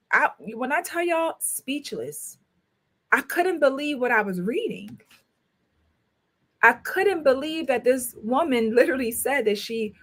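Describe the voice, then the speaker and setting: A woman's voice: sits high, sing-song, a little slow, long pauses, fairly bright tone. A woman in her thirties hosting a casual livestream, talking emphatically, repeating her phrases and speaking straight to her viewers. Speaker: talk show host and school counselor.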